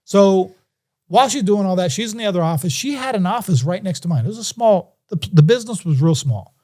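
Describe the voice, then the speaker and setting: Male podcast guest, warm and relaxed tone, slightly high pitch, animated storyteller. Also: a little fast. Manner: animated, acts out quoted voices. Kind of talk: casual storytelling.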